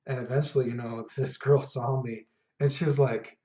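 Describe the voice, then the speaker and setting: Casual male vlogger, rambling storyteller, warm dark voice, dull lo-fi echoey recording. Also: medium pitch, steady tone, moderate pace. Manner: rambling, laid-back, many fillers and asides. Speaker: fragrance vlogger. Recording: echoey room, dull lo-fi sound.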